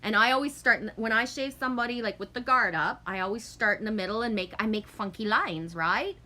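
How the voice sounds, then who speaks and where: A woman in her forties chatting casually on a livestream, reading out viewer comments and rambling through animated stories with swearing and acted-out quotes. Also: fairly high pitch, a little fast.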